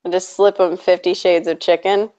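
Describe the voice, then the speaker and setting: A woman's voice: fairly low pitch, flat delivery, moderate pace, mellow. A woman co-hosting a stream, joking and teasing in casual chat. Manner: jokey, teasing, laughs often. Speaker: co-host of a stream. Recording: lo-fi stream audio.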